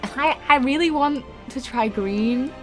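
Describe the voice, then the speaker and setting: A chatty young woman talks casually to her stream viewers in a slightly raised voice, breaking into laughter often and swearing without a second thought. Soft game music plays faintly under her. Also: high voice, unhurried. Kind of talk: casual live-stream chat.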